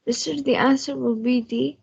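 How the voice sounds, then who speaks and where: A woman's voice: high-pitched, fairly even intonation, normal speed, gravelly, husky, muffled recording. A female student answering her teacher politely in an online class. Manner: polite, addresses teacher as mister.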